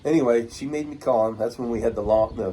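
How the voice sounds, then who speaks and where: A man's voice: medium pitch, fast talker, warm tone, a little hiss or hum. A middle-aged man from Washington state telling rambling, folksy stories about his start with pigeons in a casual outdoor interview. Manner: rambling, folksy, acts out quoted voices.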